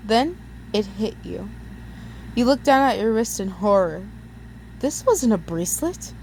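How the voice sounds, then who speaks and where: A woman's voice: medium pitch, expressive, unhurried, a little mellow, a little hiss or hum. Young woman reading fan fiction aloud. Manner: casual, laughs at her own slips. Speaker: story reader.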